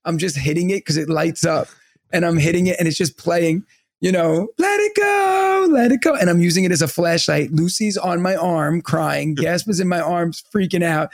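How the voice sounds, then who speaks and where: A gravelly-voiced man in his thirties tells a long, rambling story on a podcast, full of fillers and restarts. His voice sits a little high for a man, and the close mic sounds dry. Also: moderate pace, dry recording. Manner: rambling, animated anecdote teller with many fillers. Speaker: podcast co-host. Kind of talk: casual storytelling.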